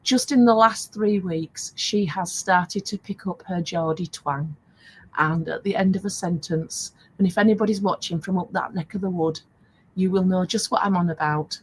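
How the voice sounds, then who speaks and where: Through a rough recording with slight background noise, an older woman with a lowish voice speaks at a moderate pace. As host of a casual craft-supply live stream, she's chatty and laughs often while reading out what viewers write.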